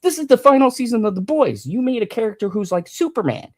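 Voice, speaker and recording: Animated swearing man reviewing a show. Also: very high voice, fast talker. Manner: animated, swearing, laughs often. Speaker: podcast co-host. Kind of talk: casual review chat.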